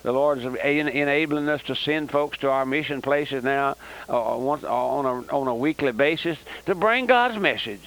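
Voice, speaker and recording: A man preaching a fiery radio sermon, rising to emphatic exhortation and swinging his pitch widely. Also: a bit bright, poor audio. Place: tabernacle. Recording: old radio broadcast recording.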